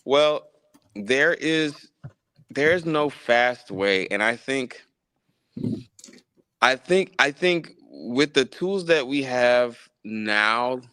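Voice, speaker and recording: Bright-voiced, easygoing man on a close mic. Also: medium pitch, drawn-out words, long pauses, smooth, dry recording. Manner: relaxed, loose speech with many fillers and restarts. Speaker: guest musician, gospel pianist. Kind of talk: casual live interview.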